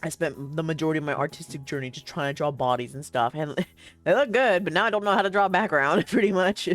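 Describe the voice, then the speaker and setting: A woman's voice: deep voice, quick pace, soft background music. A young woman streaming a game, chatting casually and reading the story aloud, rambling with many fillers and frequent laughs.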